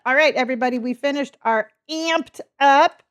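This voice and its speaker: Middle-aged woman, livestreamer, casual game chat, rambling, laughing, slightly high voice. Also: moderate pace, fairly bright tone. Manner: chatty, rambling, laughs often, reads chat. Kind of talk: casual chat while gaming.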